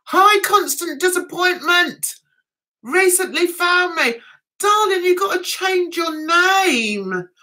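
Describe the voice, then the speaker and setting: A woman's voice: high voice, pushed and bright. A woman hosting a casual livestream, chatting and giggling as she reads viewer comments and answers them fondly. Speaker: livestream host.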